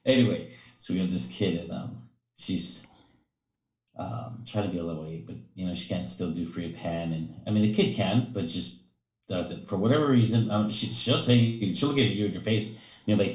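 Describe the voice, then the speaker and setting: Low-voiced rambling man in echoey room. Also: moderate pace, a little mellow. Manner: rambling storyteller, many fillers, acts out quotes. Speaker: gymnastics coach, podcast co-host. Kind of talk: casual storytelling chat.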